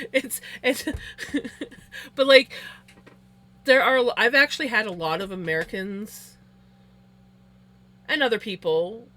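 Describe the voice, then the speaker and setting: A woman's voice: fairly high pitch, slow pace, pauses often, sharp tone. A woman with a Canadian accent, chatting casually on a live stream while she spins yarn, rambling with lots of fillers and frequent laughs. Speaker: livestreamer.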